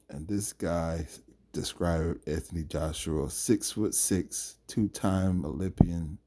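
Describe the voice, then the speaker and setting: A man's voice: deep voice, warm tone, husky. A man giving his opinion in a solo boxing commentary vlog, emphatic and rambling with fillers.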